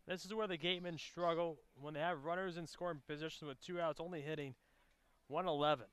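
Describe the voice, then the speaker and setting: A man giving baseball color commentary, offering steady, stat-focused analysis between pitches. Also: quick pace, clean tone, dry recording.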